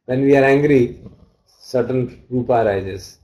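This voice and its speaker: A man's voice: medium pitch, a little slow, darkish tone, rough recording. A man teaching a study class, reading out texts and glossing Pali terms as he explains them. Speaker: dharma teacher.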